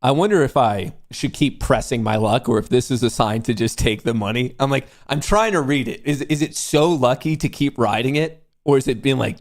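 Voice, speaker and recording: A young man hosting a casual livestream about day trading, swearing often and breaking into loud, jokey bragging. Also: medium pitch, normal speed. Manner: excitable, profane, jokey bragging. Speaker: livestream host, day trader.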